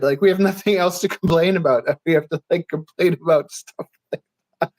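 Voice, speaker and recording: A man's voice: high-pitched, sing-song, brisk, a little mellow. A man chatting as a podcast guest, rambling and laughing often as he acts out little quotes. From Canada. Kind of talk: casual chat.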